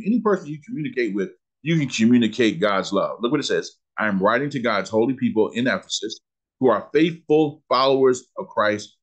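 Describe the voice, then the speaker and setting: Man, husky voice, preacher cadence, rhetorical questions. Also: medium pitch. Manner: preacherly, asks questions and answers them, slows down on scripture. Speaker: pastor teaching a Bible lesson. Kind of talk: sermon-style Bible teaching.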